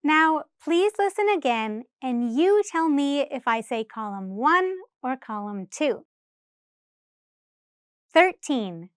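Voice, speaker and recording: A woman teaching English number pronunciation, counting clearly and deliberately for learners to repeat. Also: high voice, very animated, no echo, clean studio sound. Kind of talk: slow, careful pronunciation lesson.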